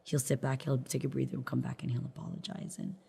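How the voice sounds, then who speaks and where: A woman's voice: very deep voice, wildly swooping pitch, quick pace, vocal fry, dark tone, slightly rough. A woman in her forties, a podcast guest, talking candidly and chattily about family life and laughing often. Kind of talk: casual chat.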